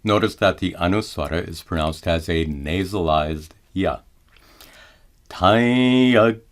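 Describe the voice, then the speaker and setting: A middle-aged man teaching Sanskrit chanting in a measured, calm manner, pausing to chant each example slowly. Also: sits low. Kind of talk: slow explanatory lesson with chanted examples.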